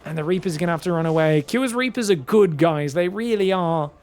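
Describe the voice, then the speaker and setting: A man commentating a strategy game solo, quick excitable play-by-play with casual asides to his viewers. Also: high voice, slight background noise. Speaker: esports caster.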